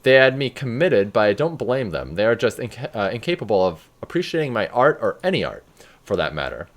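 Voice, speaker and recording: A man's voice: lowish voice, big pitch swings, brisk. A man voicing an eccentric male asylum patient who rambles grandly about his art, read aloud during a game playthrough. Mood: grandiose.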